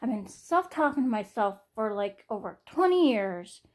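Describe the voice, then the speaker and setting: A young adult woman talking to camera in a personal vlog, halting and repetitive, with frequent sighs and restarts. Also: fairly high pitch, sing-song, darkish tone. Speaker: vlogger.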